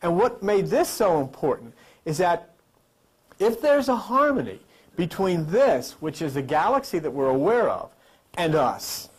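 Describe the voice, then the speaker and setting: A man hosting a talk show, talking casually to a studio audience and telling animated stories with laughing asides. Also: a little high, unhurried, husky. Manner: animated storyteller, acts out voices with laughing asides. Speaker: host.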